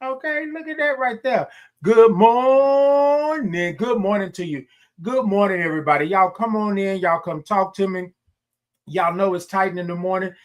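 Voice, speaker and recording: High-voiced man stretching out sung greetings. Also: a bit bright. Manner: drawn-out sung greetings, calls viewers y'all. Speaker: livestream host. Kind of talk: upbeat morning livestream chat.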